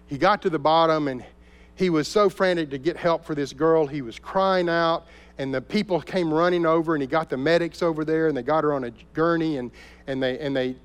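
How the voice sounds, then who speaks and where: Pastor preaching in a reverberant hall. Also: male voice, on the high side. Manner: storytelling, dropping to soft intense tones. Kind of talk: sermon. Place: church sanctuary. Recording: long reverb of a large hall.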